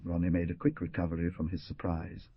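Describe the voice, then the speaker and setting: A man narrating an audiobook with expressive, dramatic delivery, heard with a dull lo-fi sound. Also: sits low, fast talker, breathy edge, no echo. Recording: dull lo-fi dry recording.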